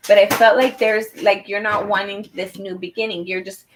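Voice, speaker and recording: A woman's voice: medium pitch, little pitch movement, normal speed, a little hiss or hum, poor audio. A woman doing a personal tarot reading who talks to the viewer in an earnest, encouraging way, with many fillers and restarts. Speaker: tarot reader.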